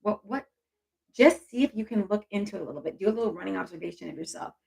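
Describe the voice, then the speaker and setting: A woman's voice: medium pitch, fast talker, gravelly, darkish tone, breathy edge, low-quality recording. A woman hosting a casual live stream on intuition, chatty and encouraging as she reads viewer comments aloud.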